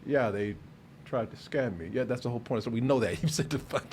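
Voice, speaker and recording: A man's voice: mid-range voice, fairly quick, a little mellow, a little hiss or hum. A man hosting a podcast, telling stories in a rambling, casual way with restarts and laughter. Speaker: podcast host. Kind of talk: casual chat.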